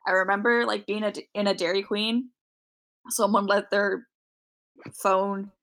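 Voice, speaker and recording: A woman's voice: mid-range voice, steady tone, measured pace, heavy background noise. A young adult woman co-hosting a podcast, telling rambling stories full of fillers in casual chat. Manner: rambling, filler-heavy storytelling. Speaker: podcast co-host.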